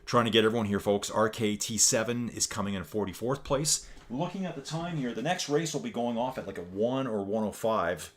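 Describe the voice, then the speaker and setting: A man's voice: fairly low pitch, animated, fairly quick, few pauses. A man in his forties from Canada, chatty and upbeat, giving casual commentary on a virtual cycling race and often addressing the audience as folks.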